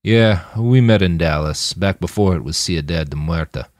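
A male narrator voicing a loud, boisterous chromed warrior. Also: sits low, moderate pace, dry recording, studio quality, close to an everyday voice. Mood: rowdy.

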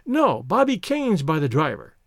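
A man reading a story aloud, voicing a lively young society woman who teases with a bright, airy manner. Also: on the high side, moderate pace, no echo, clean studio sound, heavily acted. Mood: teasing. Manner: bright, airy, playfully teasing.

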